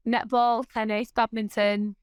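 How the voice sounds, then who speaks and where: Chatty woman telling a lively story. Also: fairly high pitch, a little slow, smooth, dry recording. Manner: lively storytelling, laughs often. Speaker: podcast guest. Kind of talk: casual chat.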